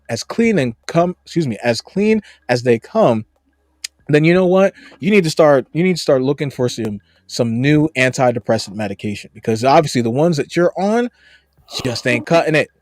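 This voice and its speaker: A man's voice: medium pitch, expressive, moderate pace, a little mellow, no room sound, studio quality. A man from the United States co-hosting a podcast, reacting to viewer comments in a blunt, profane, sarcastic way. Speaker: podcast co-host.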